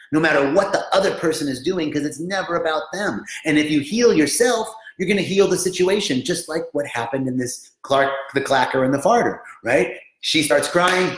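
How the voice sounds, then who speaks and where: A man's voice: medium pitch, echoey room, rough recording. A man giving a spiritual talk to a livestream audience, telling a story and acting out the people in it. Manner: animated storyteller, acts out quoted voices. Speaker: spiritual teacher.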